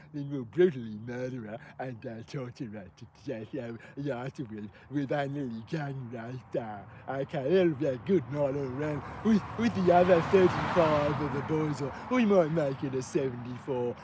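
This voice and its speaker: A man's voice: medium pitch, warm tone, slight background noise, voice pushed down, natural voice. A man voicing a callous male gang thug who drawls mockingly. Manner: drawling, mocking, offhand about cruelty.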